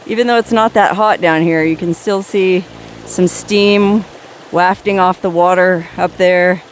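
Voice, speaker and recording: A woman's voice: fairly low pitch, fairly even intonation, a little slow, a little hiss or hum. A woman hosting a chatty outdoor travel vlog, recorded on a forest trail by hot springs. She talks with enthusiasm, dry wit and salty humor.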